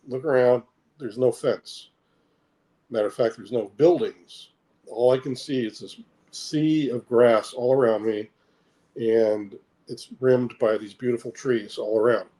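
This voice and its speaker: Speaking at a measured pace in a mellow, medium-pitched voice, a middle-aged American military veteran shares personal experiences during an interview. He's hesitant, often repeating words and leaning on fillers.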